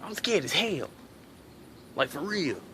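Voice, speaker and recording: A male comedian telling a story with a high voice that swoops up and down all the time. His delivery is animated and full of profanity. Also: slow pace, slight background noise.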